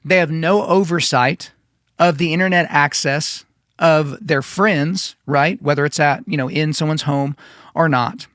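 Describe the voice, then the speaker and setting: A man's voice: a little high, unhurried, a bit bright, dry recording, clean studio sound. A man in his thirties hosting a solo podcast, talking conversationally and emphatically, often repeating himself. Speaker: podcast host.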